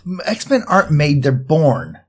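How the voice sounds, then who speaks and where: A man's voice: on the high side, huge pitch swings, a little slow, husky. A man playing in a tabletop game, correcting the others in a dry, pedantic way. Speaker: player. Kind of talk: casual role-play chat.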